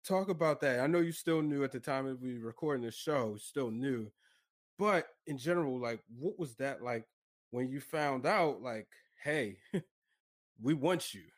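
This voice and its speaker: A man's voice: mid-range voice, normal speed, no room sound. A man hosting a casual interview who asks questions and encourages his guest in an easygoing way. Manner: easygoing, encouraging, laughs along. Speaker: podcast host.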